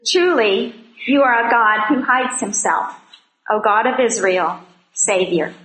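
A woman's voice: on the high side, unhurried, a bit bright, reverberant, rough recording. A woman teaching a women's Bible study, reading scripture verses and speaking conversationally with joking asides and earnest personal testimony.

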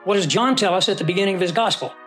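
A man's voice: sits high, rapid-fire, fairly bright tone, faint music behind. A man teaching a Bible study, who reads scripture aloud and puts questions to his class.

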